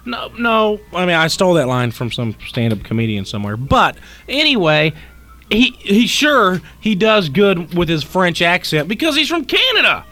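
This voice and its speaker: A man's voice: high voice, sing-song, moderate pace, bright, forceful tone. A man co-hosting a late-night radio talk show, rambling and joking in a mocking way.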